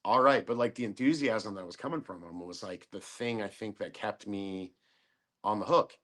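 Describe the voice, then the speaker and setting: Casual male guest telling a story, somewhat low, profane, plays out every quote. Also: normal speed, fairly bright tone. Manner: profane, acts out quoted voices. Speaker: podcast guest. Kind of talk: casual storytelling in a podcast interview.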